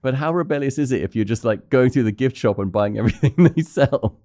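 A man's voice: medium pitch, quick pace, dark tone, no room sound, studio quality. A man with an English accent, hosting a podcast in a jokey, casual chat and laughing often. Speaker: podcast host.

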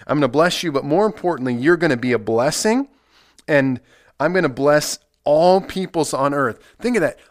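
A man's voice: a little high, lively intonation, moderate pace, no room sound, clean studio sound. A man preaching an earnest podcast sermon, emphatic, with many repeated phrases. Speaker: pastor.

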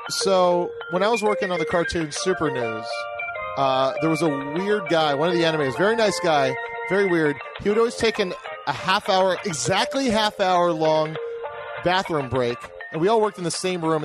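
A slightly high-voiced man hosts a podcast in casual banter, telling stories in a loose, profane way and laughing often. Faint music plays underneath. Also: lively intonation, moderate pace. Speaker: podcast host.

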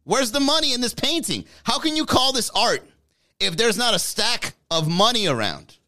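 Man putting on a loud slangy young party bro, brash, bro-ish. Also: very high voice, big pitch swings, normal speed, dry recording, studio quality, pitched above the performer's own voice, full character voice. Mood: baffled, loud. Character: brash young male Miami party guy.

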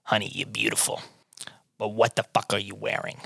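A man voicing a bossy, chain-smoking old female tailor with a low breathy rasp. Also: steady tone, a little fast, sharp tone, dry recording, exaggerated voice. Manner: bossy and blunt.

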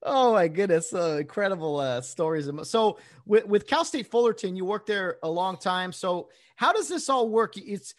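A man's voice: high-pitched, expressive, moderate pace, hardly any pauses. A man hosting a casual interview, laughing easily and asking friendly questions. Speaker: podcast host.

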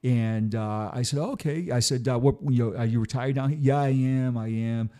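A man's voice: mid-range voice, moderate pace, dark tone. A middle-aged man, a retired police officer, telling stories in a casual chat, often stammering and repeating words. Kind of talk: casual storytelling.

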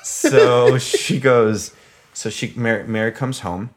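A man in his thirties, a podcast guest, telling an animated story in casual chat, swearing and laughing as he goes. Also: mid-range voice, takes it slowly. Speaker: podcast guest, comedic musician.

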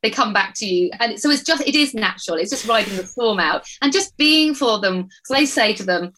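A woman's voice: fairly high pitch, animated, brisk, hardly any pauses, fairly bright tone, poor audio. A middle-aged woman on a podcast panel, telling a family story in casual chat and acting out what everyone said.

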